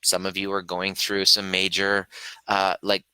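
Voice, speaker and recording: A man's voice: low voice, monotone, measured pace, pushed and bright, smooth, no room sound, poor audio. A middle-aged man coaching viewers in a live question-and-answer stream, earnest and reflective, acting out his own reactions as he talks.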